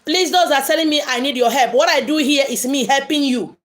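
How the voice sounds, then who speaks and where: A woman's voice: sits high, brisk, fairly bright tone. Emphatic woman preaching live online. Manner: emphatic, preachy, repeats lines for stress. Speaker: spiritual livestream host. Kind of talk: live-streamed spiritual talk answering viewer questions. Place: indoors, live streaming.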